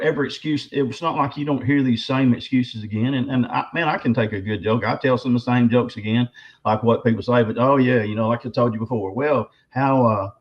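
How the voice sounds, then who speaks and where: A man's voice: mid-range voice, darkish tone. Rambling man telling stories. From Arkansas. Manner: rambling, emphatic storyteller with many restarts. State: voice slightly quivering with emotion. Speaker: guest author and Bigfoot researcher. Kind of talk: casual interview storytelling. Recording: slightly dull lo-fi audio.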